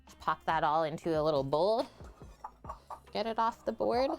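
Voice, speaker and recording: A woman's voice: deep voice, lively intonation, moderate pace, faint music behind. Chatty woman cooking on a live stream. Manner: chatty, explains each step while cooking. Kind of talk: casual live cooking chat. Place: home kitchen.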